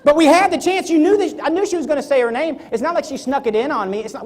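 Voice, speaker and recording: A man's voice: very high voice, fast talker. A man giving a motivational talk on stage before a live audience, acting out little scenes as he goes. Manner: animated, acts out little scenes. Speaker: motivational speaker.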